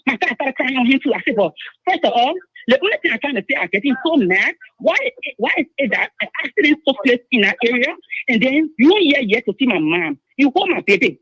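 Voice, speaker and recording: Woman caller, Liberian English, husky, rapid and lively, insistent. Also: sits high, no echo. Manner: urgent, insistent, repeats herself. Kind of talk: emotional phone-in account. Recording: dull phone line.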